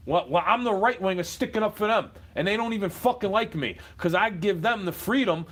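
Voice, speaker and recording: A man with a slightly high-pitched voice rants straight at the camera. He is combative and profane, dropping to low mutters before building into shouted outbursts. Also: lively intonation, fairly quick, few pauses. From United States. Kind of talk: profane ranting monologue.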